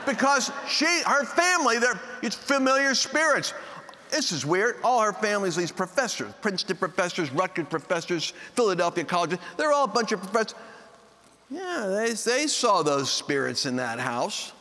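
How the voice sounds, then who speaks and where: A man preaching through a personal story in a casual, animated way, acting out the dialogue with sudden high outbursts. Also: normal speed, big-room sound. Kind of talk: anecdotal sermon storytelling.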